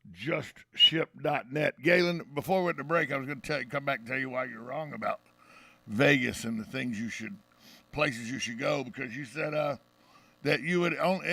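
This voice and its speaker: Brash Southern talk radio host, gravelly. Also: male voice, on the high side, fairly bright tone, dry recording, far from the mic. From Deep South of the US. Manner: brash, joking, fast-talking storyteller. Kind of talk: casual radio banter.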